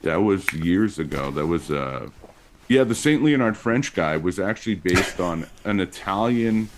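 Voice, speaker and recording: A man with a notably low voice talks easily as a guest, spinning anecdotes. His pitch jumps up when he gets excited, and he keeps circling back with fillers. He grew up in Montreal. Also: unhurried, noisy background. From Montreal, Canada. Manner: chatty storyteller with lively pitch swings. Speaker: comedian guest. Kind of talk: casual interview chat.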